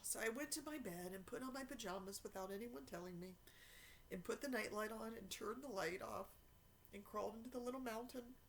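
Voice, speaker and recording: A woman's voice: on the high side, fairly quick, slight background noise, low-quality recording. A woman reading a novel aloud in an earnest, emotional way. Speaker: reader.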